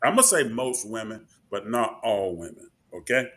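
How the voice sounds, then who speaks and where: A man's voice: lowish voice, animated, moderate pace, fairly bright tone. A man in his sixties from North Carolina hosting a casual discussion, emphatic and checking in with "okay?". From Kinston, North Carolina. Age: 60s. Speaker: host.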